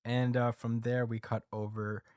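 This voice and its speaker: A man hosting a podcast, casually recapping a story with lots of fillers and quick acted quotes. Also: medium pitch, little pitch movement, darkish tone, smooth, no echo, clean studio sound. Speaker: podcast host recapping a manga chapter. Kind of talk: casual chat.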